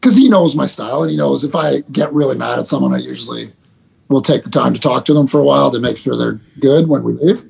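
A middle-aged man, a basketball head coach, telling animated stories with laughter and quick restarts in a casual interview. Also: mid-range voice, vocal fry, breathy edge. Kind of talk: storytelling guest in a casual interview.

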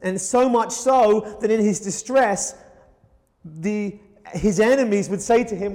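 A man's voice: high voice, measured pace, a little mellow. A man preaching a sermon in an earnest way, acting out the quoted pleas with a rising voice. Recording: hall reverb.

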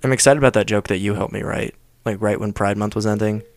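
A man's voice: lowish voice, fast talker, dry recording, studio quality. A man who does stand-up comedy, talking casually and dropping into impressions. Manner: animated, breaks into character voices. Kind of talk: casual chat.

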